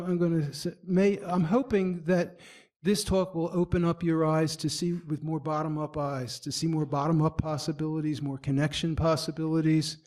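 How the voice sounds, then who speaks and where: This is a presentation by an animated man with a fairly high pitch, speaking at a marketing meetup. He acts out expressions while he talks and keeps stumbling and restarting.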